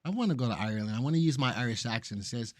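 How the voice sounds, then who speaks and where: A man's voice: medium pitch, expressive, racing, no room sound. A man co-hosting a live market show, chatting casually and reading viewer comments aloud. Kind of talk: casual live-stream chat.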